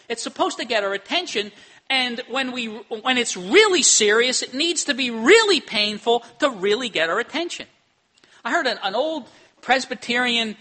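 A man's voice: very high-pitched, sharp tone. A middle-aged man preaching a sermon in a conversational way, often ending points with tag questions. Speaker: pastor.

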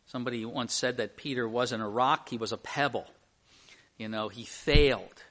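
A middle-aged man preaching a sermon, telling a story with lively, rising emphasis. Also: medium pitch, moderate pace.

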